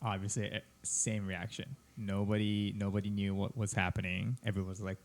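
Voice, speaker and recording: A man, a comedian telling a story on a podcast, halting and repeating words and laughing as he goes. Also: lowish voice, flat delivery. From Japan. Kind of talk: casual storytelling.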